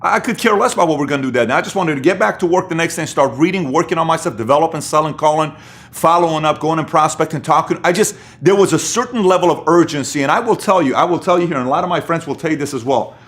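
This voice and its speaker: A middle-aged man telling a personal story as a motivational speaker, moving between hushed moments and punchy bursts. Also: a little high, fast.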